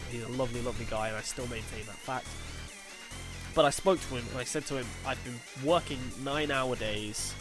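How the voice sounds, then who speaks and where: Rueful young man reviewing a loss. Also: mid-range voice. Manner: frank, rueful, self-critical. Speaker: game video host. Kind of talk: casual commentary on a game battle.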